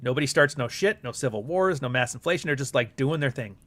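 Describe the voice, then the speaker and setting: Middle-aged American man, livestream host, loose rambling chat, mid pitch. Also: lively intonation, quick pace, a bit bright. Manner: casual, profane, rambling.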